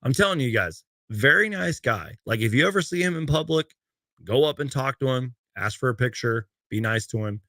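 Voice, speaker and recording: Speaking fairly quickly in a mid-range, fairly bright voice, this sports fan hosts a laid-back livestream. He wanders through game stats and viewer comments in casual chat, captured in clean studio sound without echo.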